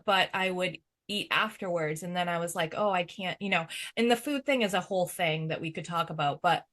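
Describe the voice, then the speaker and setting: A woman's voice: fairly low pitch, brisk, fairly bright tone. A woman medium on a podcast panel, chatting casually with lots of fillers and laughter. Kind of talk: casual chat.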